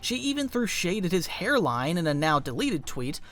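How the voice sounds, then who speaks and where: Lively scripted documentary narrator. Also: mid-range voice, normal speed. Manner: punchy, conversational storytelling.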